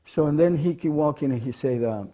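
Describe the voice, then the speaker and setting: Man, dark husky voice. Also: a little high, fairly quick. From Mexico. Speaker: devotee recalling memories. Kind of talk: personal reminiscence.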